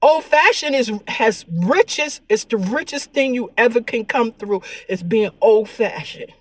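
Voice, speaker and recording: Unhurried and tearful, a woman with a fairly high, lively voice delivers an emotional spiritual vlog monologue about faith and herself. She's earnest and preachy, often repeating her words, in a dry recording.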